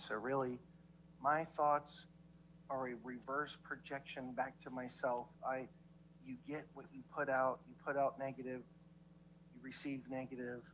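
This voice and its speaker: A man in mid-range pitch rambles through a rant, stammering and restarting his sentences. He swears constantly and drifts between complaint and half-formed philosophy. A faint hum sits under his voice. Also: fairly bright tone, rough recording. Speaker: livestreamer in played clips.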